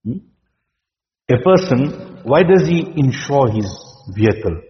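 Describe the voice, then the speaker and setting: A man giving an Islamic sermon, talking in a measured way and often checking in with the listeners with "hmm?" and rhetorical questions. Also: mid-range voice, lively intonation. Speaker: Islamic preacher. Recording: dull lo-fi recording in a reverberant hall.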